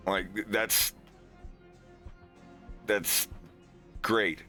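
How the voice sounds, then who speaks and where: A man's voice: on the low side, very animated, takes it slowly, pauses often, bright, forceful tone, soft background music. A man streaming, chatting casually in a rambling, sarcastic way and laughing often.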